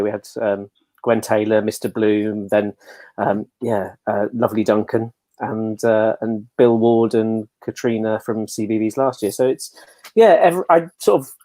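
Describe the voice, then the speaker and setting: A man's voice: on the low side, mellow, no room sound. A man speaking as a guest in a casual chat, earnest and hesitant with many fillers. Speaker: pantomime dame and producer guest.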